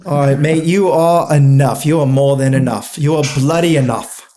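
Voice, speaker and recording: An American man putting on a playful, loud English accent as a jokey hearty Englishman. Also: on the high side, normal speed, a little hiss or hum, close to an everyday voice.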